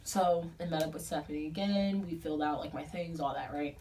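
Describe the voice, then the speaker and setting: Chatty young woman, slightly low voice. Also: a little fast, warm tone. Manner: chatty and profane, with lots of "like" and "um". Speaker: book club vlogger. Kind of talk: casual storytelling to camera. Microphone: camera filming herself. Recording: a bit distant from the mic, faint room noise.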